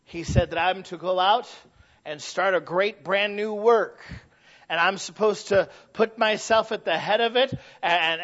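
A man preaching a sermon with passion. He tells stories along the way and sometimes builds to shouted emphasis. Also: high-pitched, highs cut off. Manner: impassioned, rising to shouted emphasis; storytelling asides.

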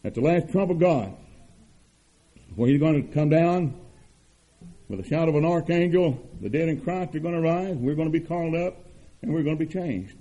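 An older man preaching a sermon, with an earnest cadence, emphatic repetitions and drawn-out stresses. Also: on the high side, lively intonation, dark tone, dull audio. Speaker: pastor.

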